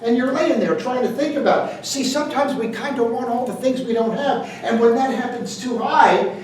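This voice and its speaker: A man's voice: very high-pitched, normal speed, a little mellow, slight background noise. A man giving a jokey, conversational motivational speech to a live audience, quizzing the crowd as he goes. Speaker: motivational speaker. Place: event hall with audience. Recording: echoey room, distant mic.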